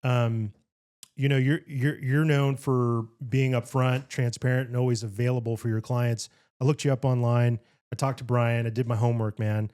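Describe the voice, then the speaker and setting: A man hosts a podcast interview, asking questions in a laid-back, friendly way during casual conversation. His voice is medium-pitched, level, and clean with a darkish tone, and he talks at a normal speed.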